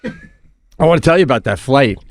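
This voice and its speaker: A man co-hosting a podcast, telling a casual story in an animated way, swearing and restarting his sentences. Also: medium pitch, a little fast, no echo. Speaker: podcast co-host.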